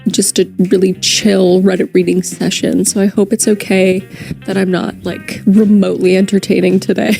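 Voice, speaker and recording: A woman's voice: medium pitch, normal speed, vocal fry, dark tone, soft background music. A young woman streamer, unwell with a headache, reading Reddit posts in a rambling, casual, self-deprecating way while she plays a game.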